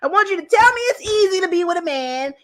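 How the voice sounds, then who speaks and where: A woman's voice: extremely high pitch, expressive, fast talker, fairly bright tone, voice pushed up. A woman doing a mocking impression of a whiny, demanding man on a panel.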